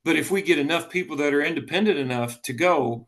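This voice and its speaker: A man, a political candidate talking earnestly in a casual interview, often halting and restarting. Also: a little high, fairly bright tone.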